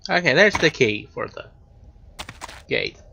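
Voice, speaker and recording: A man's voice: on the high side, very animated, takes it slowly, vocal fry, pushed and bright, muffled recording, slight background noise. A man giving casual, meandering commentary while playing a video game, sometimes mumbling and talking with his mouth full. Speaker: let's-play gamer. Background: game music.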